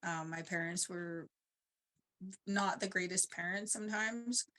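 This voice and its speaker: A woman's voice: lowish voice, measured pace, pushed and bright. A woman on a conference panel telling a personal story in a casual, rambling way, often saying 'like'.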